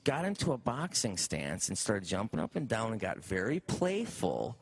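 A male comedian with a low, deep voice tells a long stand-up story. He keeps it animated and jumps into other people's voices as he acts out their lines. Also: moderate pace, vocal fry, slightly rough.

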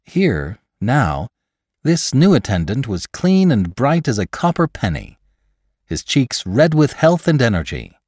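A man narrating a classic story for a podcast, measured and expressive. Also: medium pitch, no room sound, clean studio sound.

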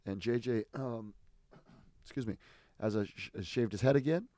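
A man's voice: medium pitch, normal speed, dark tone, no echo. A man chatting casually as a podcast co-host, telling stories in a rambling, amused way, restarting and interrupting himself. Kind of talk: casual chat.

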